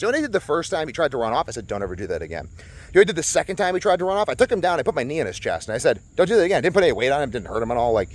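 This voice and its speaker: Young male vlogger, outdoors; blunt, sarcastic, very lively pitch. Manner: blunt, animated ranting with sarcastic asides. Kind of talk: casual monologue to camera. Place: outdoors at a resort.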